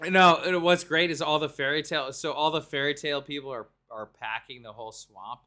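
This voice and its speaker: A man co-hosting a casual movie talk show, telling scenes with lively impressions. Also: fairly high pitch, fairly quick. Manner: animated, bursts into exaggerated impressions while retelling scenes. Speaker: co-host. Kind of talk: casual chat.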